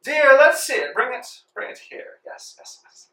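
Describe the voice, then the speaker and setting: A shrill haughty rich lady. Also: sing-song, normal speed, fairly bright tone, full character voice. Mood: gushing. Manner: theatrical, gushing and condescending. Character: haughty wealthy lady of the house. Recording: echoey room from far off.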